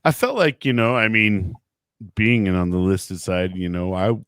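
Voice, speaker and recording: Laid-back veteran host chatting. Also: male voice, low voice, expressive, moderate pace, clean tone, no echo, clean studio sound. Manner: laid-back, slangy, laughs often. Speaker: podcast host, Marine veteran. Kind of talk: casual chat.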